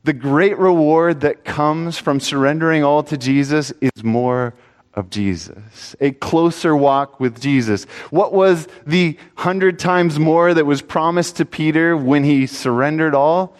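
A man preaching a sermon in an earnest voice, swinging between loud pleading and hushed, low asides. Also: a little slow, big-room sound.

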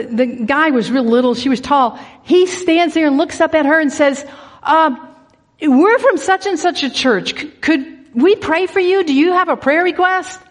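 Brief: high-voiced woman with a husky edge, earnest church testimony and prayer, stumbling restarts. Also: long reverb tail. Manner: earnest storytelling with frequent restarts. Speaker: church speaker.

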